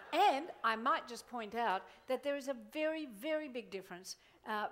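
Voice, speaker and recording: A woman motivational speaker giving a playful, animated conference keynote, acting out little voices as she talks. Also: a little high, background noise. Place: large conference hall.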